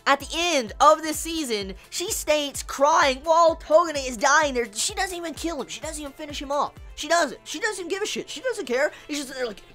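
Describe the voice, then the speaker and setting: Woman anime reviewer with a bright, forceful voice. Animated and exasperated, heavy swearing, frequent restarts. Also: high voice, moderate pace, hardly any pauses, faint music behind. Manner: profane, exasperated, stumbles and repeats words. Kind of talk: ranting episode review.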